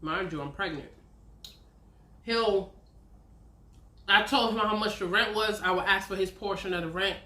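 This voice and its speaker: A woman's voice: mid-range voice, moderate pace, long pauses, bright, forceful tone. A woman, telling a candid, profane personal story on her vlog. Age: 30s. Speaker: vlogger. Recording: roomy echo.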